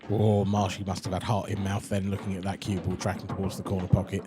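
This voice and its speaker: A man's voice: low-pitched, completely flat delivery, fast talker, noisy background. A man co-commentating on a live pool match, explaining shots and positional play in an analytical way.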